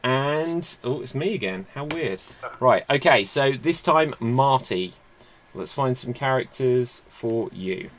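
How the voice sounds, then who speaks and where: A man's voice: medium pitch, expressive, slight background noise. A man hosting a live-streamed comedy game show in a chatty, upbeat way. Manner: chatty and upbeat, with quick asides.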